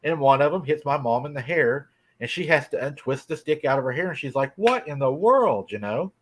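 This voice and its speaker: A folksy middle-aged man spins a spooky campfire-style tale with an easy drawl. His voice sits at an ordinary pitch and moves at a relaxed, conversational pace. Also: brisk, a little hiss or hum. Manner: folksy, drawling, laughs often. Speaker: guest telling a cryptid encounter. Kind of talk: casual storytelling. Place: rural farm home.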